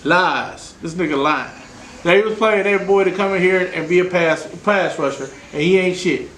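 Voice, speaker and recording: A man hosting a podcast, a casual sports chat full of loud, joking trash talk. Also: sits high, moderate pace. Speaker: podcast host. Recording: echoey room with faint noise.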